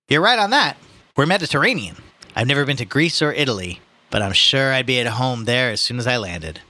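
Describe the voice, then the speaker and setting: A man chatting casually with friends and reading a novel aloud, animated and jokey. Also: mid-range voice, moderate pace, no room sound. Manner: animated, jokey, breaks into laughter. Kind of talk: casual chat and book reading.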